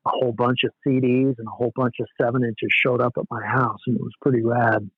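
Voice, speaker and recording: A Southern Californian man in his forties, guesting on a podcast, casually tells stories of old times in an easygoing, anecdotal way, often laughing at himself. His middling-pitched voice is level and fast. The recording is dry, slightly dull lo-fi with no room sound.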